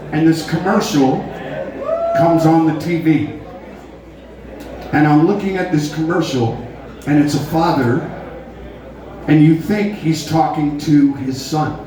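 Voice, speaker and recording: Slow-talking middle-aged man in an echoey hall. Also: on the high side. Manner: joking, laid-back, chuckling. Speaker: rock singer on stage. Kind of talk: storytelling between songs at a live show. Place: large concert hall. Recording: echoey hall, distant, with crowd noise.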